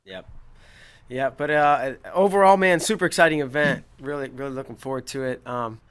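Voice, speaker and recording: Guy hosting a wrestling chat, laid back, tells stories, average pitch. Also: normal speed, fairly bright tone, clean tone. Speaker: show host. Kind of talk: casual interview chat.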